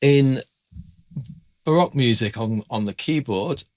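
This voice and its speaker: Man, piano teacher, casual lesson, mid-pitched voice, dry close sound, sings rhythm syllables. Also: measured pace, darkish tone, no echo. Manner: chatty, scat-sings rhythms while explaining. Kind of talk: informal music lesson.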